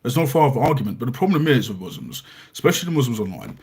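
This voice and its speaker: A man's voice: medium pitch, huge pitch swings, rapid-fire, vocal fry, a little mellow, slightly rough. A man giving argumentative commentary and reading Bible passages aloud, often correcting himself mid-sentence. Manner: argumentative, reads scripture aloud with frequent self-corrections. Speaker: Christian apologist.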